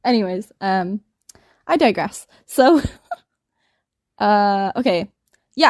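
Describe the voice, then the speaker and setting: A woman's voice: medium pitch, expressive, takes it slowly, pauses often, no echo, studio quality. A young woman in her twenties co-hosting a podcast, rambling through a story in casual chat and laughing often. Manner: giggly, rambling, laughs often mid-sentence. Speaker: podcast co-host telling a story.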